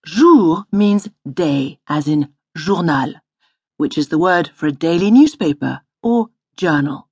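A woman instructor reading a scripted audio language lesson in a studio, slowly modelling each word to repeat. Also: deep voice, lively intonation, darkish tone, husky, dry recording. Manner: patient, slow model pronunciation.

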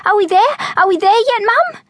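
A woman voicing an eager, excited young girl in a storybook, squealing high with excitement. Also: normal speed, no room sound, studio quality.

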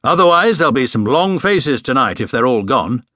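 A man's voice: medium pitch, very animated, moderate pace, bright, forceful tone, no room sound. Brief: bluff good-humoured father, read by a male narrator, dry teasing delivery, close dry sound. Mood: cheerful. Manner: dry, teasing, a little sheepish.

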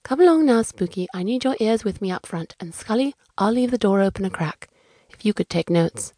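A woman voicing an eager, excitable young aristocratic male detective, fussy and polite, in a children's audiobook. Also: mid-range voice, brisk, dry recording, studio quality, lightly acted. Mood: excited. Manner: chirpy, fussy and very British-polite.

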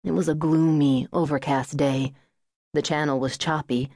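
A woman reads an audiobook in a low, mellow voice with measured, even pacing. She sits close to the mic. The studio sound is dry and free of room echo. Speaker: audiobook narrator. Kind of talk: scripted narration.

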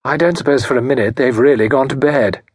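A man's voice: mid-range voice, quick pace, a little mellow, breathy edge, no echo, studio quality, pitched above the performer's own voice, natural voice. A man voicing a chatty, placid older lady who hosts a country house, talking in a genteel, prattling way in an audiobook. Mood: placid chatter.

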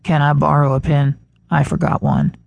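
A woman narrator voicing a soft-spoken, charming young man, speaking gently in a hushed, lowered voice. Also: level tone, normal speed, vocal fry, no room sound, lo-fi sound, exaggerated voice. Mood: gentle.

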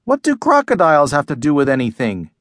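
A man's voice: a little high, huge pitch swings, fairly quick, fairly bright tone, no room sound, clean studio sound. A man voicing an eager young schoolboy who begs and whines in a children's audiobook. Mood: pleading. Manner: whiny, begging.

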